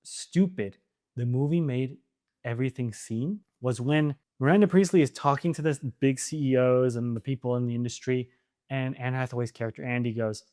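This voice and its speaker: A man hosting his own channel, giving casual opinion commentary to camera, animated and firing off exasperated rhetorical questions. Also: mid-range voice, fairly quick. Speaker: video essay host.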